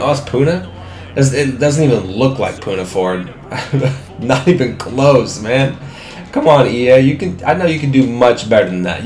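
Young guy hyped up playing a football game, cussing at the screen, kinda roomy sound with faint music under it. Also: mid-range voice. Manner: excitable, swearing, talks to the screen. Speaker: gaming commentator. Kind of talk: live game commentary.

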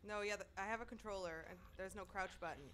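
A woman's voice: mid-range voice, quick pace, fairly bright tone, a little hiss or hum. A young woman streaming a horror game, chatting with viewers and breaking into screams and nervous laughter. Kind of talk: casual gameplay commentary.

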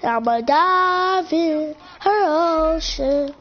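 A woman's voice: very high voice, expressive, takes it slowly. A woman, trash-talking and swearing playfully while commenting on her gameplay. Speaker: gamer. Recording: dull lo-fi mic with faint background noise.

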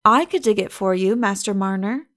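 A woman's voice: mid-range voice, normal speed, a bit bright, natural voice. A woman plays a keen young country gardener, earnest and obliging, full of plain rustic talk. He is heard in an audiobook reading.

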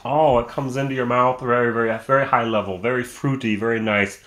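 A man's voice: medium pitch, fairly even intonation, brisk, a bit bright. A man giving a casual, enthusiastic whisky review on camera at home, chatting with frequent restarts and fillers. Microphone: camera mic.

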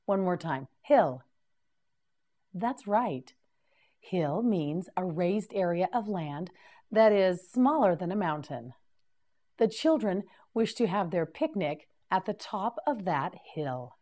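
A woman teaching English vocabulary in a scripted drill, repeating each word slowly and prompting the listener to say it again. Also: lowish voice, dark tone. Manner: slow, clear repetition with prompts to repeat.

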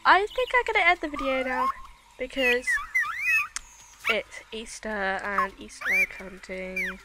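Excitable high-voiced woman gaming. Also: a little slow, heavy background noise. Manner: excitable, squealing and chattering at the game. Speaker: gaming channel host. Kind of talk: let's play commentary. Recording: loud game music underneath. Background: loud game music.

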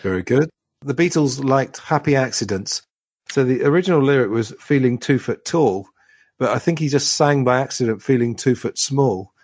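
A man's voice: medium pitch, animated, moderate pace, a little mellow, slightly rough, dry recording. A man co-hosting a podcast in casual discussion, explaining with examples and asides. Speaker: podcast co-host.

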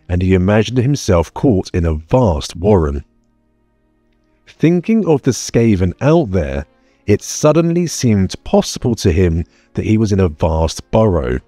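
A male audiobook narrator reading in a measured, expressive way, his deep, dark voice moving through a lively pitch range. The sound is close and dry, with soft music faintly underneath. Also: no echo. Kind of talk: scripted narration.

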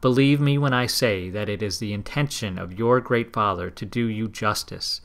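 A man reading the part of a male government agent who speaks calmly and formally. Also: fairly low pitch, moderate pace, gravelly. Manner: calm, formal, official.

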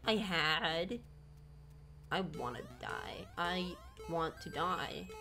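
A woman's voice: lowish voice, lively intonation, drawn-out words, over music. A woman streaming a video game, ranting with melodramatic, profane frustration at a level she is playing. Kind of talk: gameplay livestream commentary.

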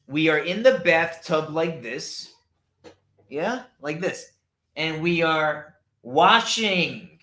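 Male online English teacher, very slow and lively, bright tone, repeats each phrase. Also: fairly high pitch. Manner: slow, repetitive, animated teacher talk, answers chat questions. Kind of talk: live online English lesson.

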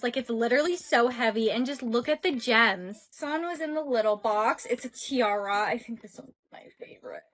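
A young woman with a high, light voice talks casually and playfully, switching between little acted scenes and relaxed product chat. Her delivery is chatty and unpolished, like a social video creator. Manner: casual, chatty, playing several characters. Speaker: TikTok skit creator.

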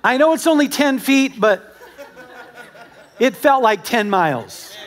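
A man with a notably high voice preaches to his congregation at a church service. He tells stories in an animated, conversational way and often turns to speak right to the people in front of him. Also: slow pace, pauses often. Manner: animated storytelling with acted-out quotes; conversational, talks directly to the congregation. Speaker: pastor. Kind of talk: sermon.

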